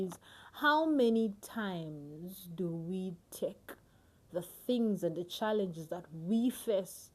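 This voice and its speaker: Slow, earnest woman teaching scripture. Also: medium pitch. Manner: earnest and emotional, often dropping to a hushed near-whisper. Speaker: Bible study teacher. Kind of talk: personal devotional teaching.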